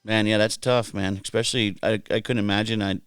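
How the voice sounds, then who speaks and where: A man's voice: fairly low pitch, steady tone, fairly quick, a bit bright, clean tone, no room sound, clean studio sound. A man hosting a podcast, laid-back, asking sympathetic follow-up questions. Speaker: podcast host. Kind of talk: casual interview.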